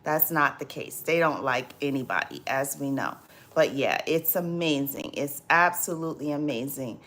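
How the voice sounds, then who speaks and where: A woman hosting a livestream, chatting casually and reading out viewer comments, unhurried, trailing off with ums and repeated phrases. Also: low voice, fairly bright tone.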